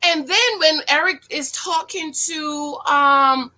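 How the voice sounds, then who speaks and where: High, bright-voiced woman recapping a show. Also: takes it slowly. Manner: frank, animated, preachy advice to women. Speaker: reality-show reviewer. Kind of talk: casual video commentary.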